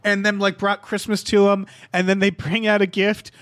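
A man co-hosting a casual podcast chat, talking in an animated, profane way and acting out quotes. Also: high voice, moderate pace, no echo, studio quality. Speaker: podcast co-host.

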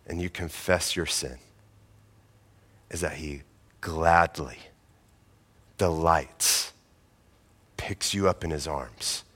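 A man's voice: rumbling low, fairly bright tone, in a large hall. A man preaching a sermon as pastor, earnest and emphatic.

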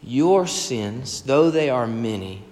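A man preaching, voicing a calm, wise male teacher who tells a parable in a quiet, measured way. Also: medium pitch, voice pushed down. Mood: gentle. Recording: echoey hall with long reverb.

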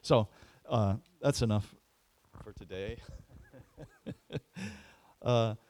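A man preaching a sermon as a pastor, telling a story in an animated way. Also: fairly low pitch, very slow.

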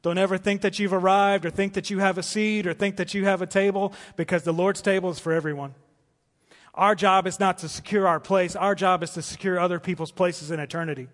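A high-voiced male pastor preaches with fervor, his lines climbing to forceful peaks before falling into hushed, drawn-out appeals. The sound carries a long church-hall reverb around him. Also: steady tone. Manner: impassioned preaching, rising to emphatic peaks and dropping to soft pleas. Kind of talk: sermon. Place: church auditorium.

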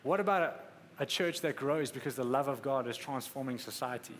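There's a little hiss or hum as a man with a medium-pitched voice delivers a brisk sermon in an echoey hall with faint ambience. He speaks conversationally but with emphasis, dramatizing the quotes.

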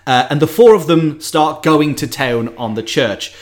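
A man in casual podcast chat, telling a film plot in an animated way with frequent asides. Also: on the high side, measured pace.

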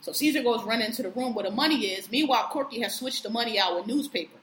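A woman tells a film's story in a loose, chatty way, slipping into the characters' voices as she goes. Her voice sits a little high and comes across bright and forceful. The room is echoey, with faint noise behind her. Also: very fast. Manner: animated retelling, acting out characters' lines, frequent profanity. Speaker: podcast co-host recapping a film. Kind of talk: casual storytelling chat.

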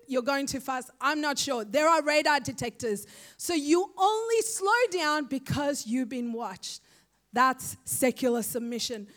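Woman preacher with a high voice, delivering an impassioned sermon full of rhetorical questions. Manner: impassioned, asks rhetorical questions, calls out "Amen?".

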